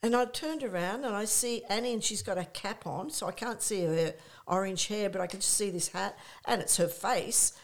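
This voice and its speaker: An older woman, a guest in a casual interview, telling lively anecdotes with many restarts and fillers. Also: mid-range voice, normal speed, hardly any pauses. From Australia.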